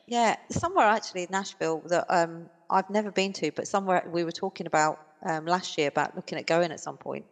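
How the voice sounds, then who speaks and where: A woman's voice: fairly low pitch, fast talker, hardly any pauses. Woman interviewer in a reverberant space. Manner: hesitant, with frequent ums. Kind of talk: casual interview chat.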